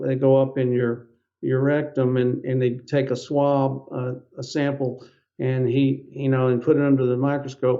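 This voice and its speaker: A man's voice: mid-range voice, gravelly, mellow. An older man, a podcast guest, telling a long personal story in a rambling way and acting out the dialogue of the people in it. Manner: rambling, acts out quoted dialogue. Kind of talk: anecdotal storytelling. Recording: dull lo-fi audio.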